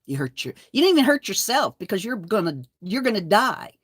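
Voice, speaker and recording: A woman's voice: very animated, a little fast, breathy edge, dry recording, clean studio sound. Older woman in a profane, defiant rant. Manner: defiant, profane, shifting between low mutters and loud outbursts. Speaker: channel host. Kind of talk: angry livestream rant.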